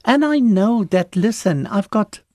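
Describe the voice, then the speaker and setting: A woman's voice: medium pitch, expressive, a little slow, a little mellow, no echo, studio quality. A woman minister talking about faith in an earnest, emphatic way, often restarting her sentences as she preaches conversationally. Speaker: Christian minister, guest.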